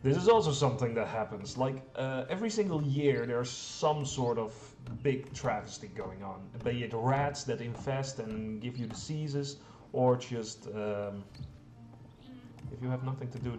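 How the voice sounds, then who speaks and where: A man's voice: mid-range voice, normal speed, a little mellow, faint music behind. Casual gamer man in a roomy echo. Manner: rambling, self-deprecating, frequent fillers and mild swearing. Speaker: let's play host. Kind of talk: casual gameplay commentary. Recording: roomy echo, faint background hum.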